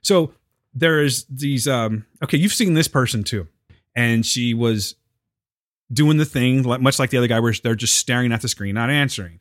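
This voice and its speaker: A man's voice: mid-range voice, moderate pace, dry recording, clean studio sound. A man telling a story in casual chat, swearing freely and acting out what others said. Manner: profane, animated, acts out quotes.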